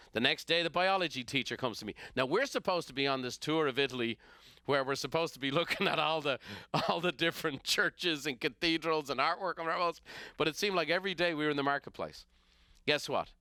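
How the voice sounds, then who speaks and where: A middle-aged Irish man from Ireland, a business coach who hosts a podcast, tells an animated motivational story and acts out the characters in it. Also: medium pitch, clean tone, dry recording, clean studio sound.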